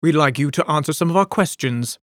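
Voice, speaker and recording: A man's voice: a little high, brisk, fairly bright tone, no room sound, clean studio sound, close to an everyday voice. A man voicing a stern, formal middle-aged woman official in an audiobook, speaking in a clipped, formal way.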